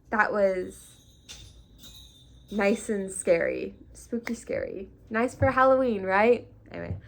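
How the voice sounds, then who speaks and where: A young woman talks straight to her camera in a casual vlog storytime, rambling and filling gaps with likes and ums. Her mid-height voice carries a slight gravelly fry at the ends of phrases. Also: mid-range voice. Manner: chatty, lots of likes and ums, half-laughing. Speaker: vlogger.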